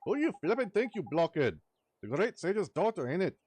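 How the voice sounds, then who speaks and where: A man voicing a loud, cheeky little male fairy sidekick who talks in a brash, bossy, slangy way. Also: high voice, very animated, normal speed, a little hiss or hum, voice pushed up. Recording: faint music behind.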